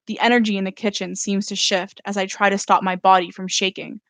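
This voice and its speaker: An author reads her own novel aloud in steady, even first-person narration, fairly quick and with few pauses. Her middle-pitched voice is captured close and dry, like a home live stream.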